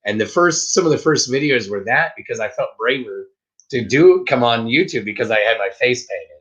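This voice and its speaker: Playful, animated male co-host with a lively, swinging voice, heard through muffled stream audio. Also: medium pitch, fairly quick. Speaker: co-host of a reselling live show. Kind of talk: casual live-stream chat.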